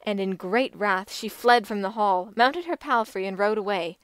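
A woman reads an old legend aloud in a measured, expressive way. Her voice is smooth and clear at a middling pitch, and the recording is close and dry, with no room sound. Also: no echo. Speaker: audiobook narrator. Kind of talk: scripted storytelling narration.

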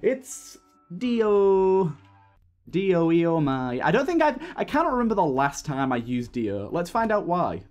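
A man's voice: fairly high pitch, very animated, normal speed, hardly any pauses, dull audio, soft background music. Chatty man rambling over gameplay. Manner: rambling, chatty, laughs often, many restarts. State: hiccuping. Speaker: gaming YouTuber. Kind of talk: casual gameplay commentary.

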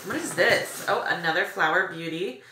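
A woman's voice: on the low side, lively intonation, moderate pace, sharp tone, reverberant, a little hiss or hum. A young woman vlogging a makeup unboxing, gushing with breathless exclamations and valley-girl fillers. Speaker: beauty vlogger. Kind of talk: excited unboxing chat.

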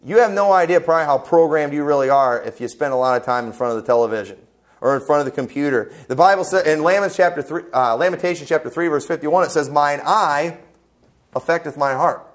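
A man's voice: a little high, fast talker. A man preaching a fervent, blunt sermon as pastor, quoting scripture with asides to the congregation. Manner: quotes scripture. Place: church sanctuary.

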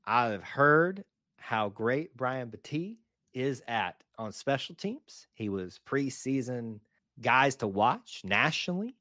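A man's voice: medium pitch, very animated, slow pace, pushed and bright, no room sound, studio quality. A man co-hosting a casual sports podcast, chatty and enthusiastic, with folksy exclamations. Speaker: podcast co-host.

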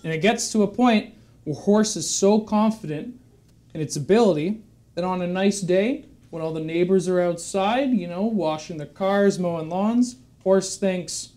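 A man with a slightly high voice spins a rambling shaggy-dog joke on a live stream. He wanders off-track, corrects himself, and slips in deadpan asides as he goes. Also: measured pace. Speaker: stream performer.

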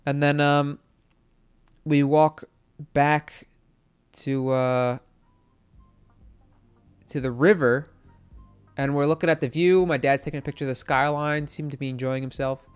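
A young man telling a story to his stream chat, excitable and rambling, with lots of fillers and swearing. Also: a little high, unhurried, long pauses, clear, resonant tone, soft background music.

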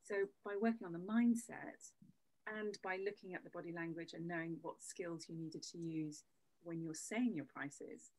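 A woman speaks as a voice coach in an interview, her tone husky and a little breathy. She explains things patiently and backs her points with examples. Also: on the low side, steady tone, moderate pace, darkish tone, rough recording. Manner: explanatory, uses demonstrative examples. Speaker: voice coach guest. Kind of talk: conversational interview.

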